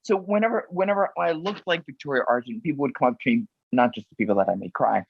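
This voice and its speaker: A middle-aged actress guests on a podcast, telling stories in an animated, rambling way and acting out voices. Her recording is dull and lo-fi. The sound is dry, with no room echo. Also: a bass voice, quick pace, vocal fry, hardly any pauses, husky. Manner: animated, rambling storyteller who acts out voices. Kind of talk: podcast interview.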